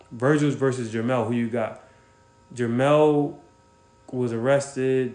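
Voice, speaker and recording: A man running a casual livestream speaks bluntly, swears freely, and reacts to viewers while naming them. His voice has a normal male pitch and carries a roomy echo.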